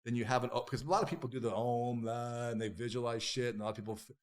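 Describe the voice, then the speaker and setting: A man telling stories as a podcast guest, animated and profane, acting out what others said in bursts. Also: medium pitch, fast talker. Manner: animated, profane, acts out quoted voices. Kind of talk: casual interview storytelling.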